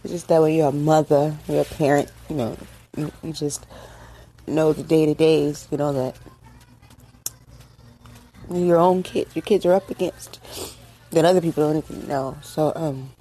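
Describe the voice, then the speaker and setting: A middle-aged woman from the United States, hosting a casual monologue, speaking emotionally and haltingly with many fillers and restarts, tearful. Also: sits low, steady tone, warm tone, breathy edge. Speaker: host. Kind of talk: casual monologue on current events.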